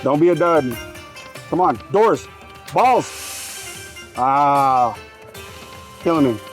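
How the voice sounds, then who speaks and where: A man in a casino tells a long, meandering story while playing a slot machine. His voice sits at an ordinary middle pitch. He keeps breaking off to cheer the machine on, and faint music plays behind him. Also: slow. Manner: rambling, self-interrupting, urges the machine on. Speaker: slots channel host. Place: casino floor.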